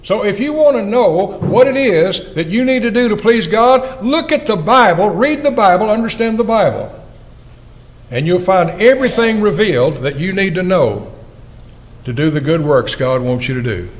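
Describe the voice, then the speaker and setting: Older man, evangelist, earnest folksy sermon, high-pitched voice, lively rising and falling delivery. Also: normal speed, rough recording. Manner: earnest, folksy, asks the congregation questions. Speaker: evangelist preacher.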